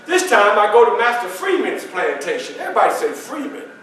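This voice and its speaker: In a sing-song, high voice that runs a little fast, a man performs as a historical character before a library audience. His folksy first-person tale includes quizzing the crowd and voicing other people from the story. The echoey meeting-room sound was picked up by a far camera.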